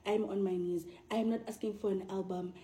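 A woman with a South African accent, reacting in a vlog with excited exclamations, swearing and repeated, earnest pleading. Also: mid-range voice, quick pace, rough recording. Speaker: reaction vlogger. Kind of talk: emotional reaction and pleading to camera.

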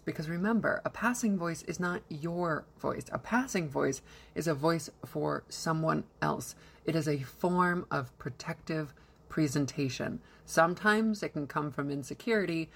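Low gravelly-voiced woman voice coach. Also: a bit bright. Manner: encouraging, conversational, poses questions to the listener. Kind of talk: instructional talk to camera.

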